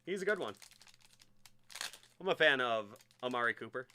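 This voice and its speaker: A man hosting a live-streamed sports card break, chatty and excitable as he hypes each card he pulls. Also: mid-range voice, normal speed, slight background noise.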